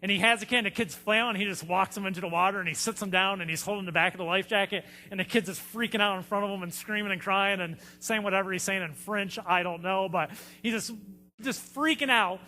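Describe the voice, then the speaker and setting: Pastor guy chatting through a sermon, lots of ums, kinda high voice, echoey church. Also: quick pace, pushed and bright, a little hiss or hum. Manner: conversational storytelling with frequent fillers. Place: church sanctuary.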